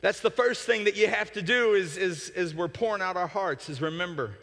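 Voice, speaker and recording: Impassioned preacher man, bright and high. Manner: impassioned, rising to near-shouting peaks then dropping to soft prayer; repeats words in quick restarts. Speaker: pastor. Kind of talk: sermon. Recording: long hall reverb.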